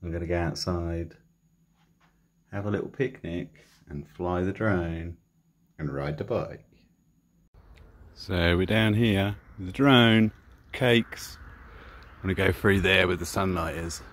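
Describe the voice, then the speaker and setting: This river-walk vlog has an English drone enthusiast chatting easily into his camera mic, which catches the wind. His low voice has a fairly bright tone, and he speaks slowly with long pauses in his relaxed commentary.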